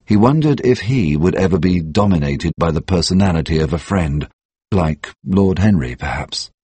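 Deep-voiced male audiobook narrator. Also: slightly rough, no echo. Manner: measured and even storytelling.

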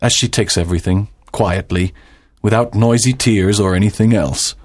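A man's voice: on the low side, normal speed, natural voice. A man playing a stern, judgmental doctor. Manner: formal, judgmental, emphatic. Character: stern, proud older male doctor and father. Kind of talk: dramatized audiobook reading.

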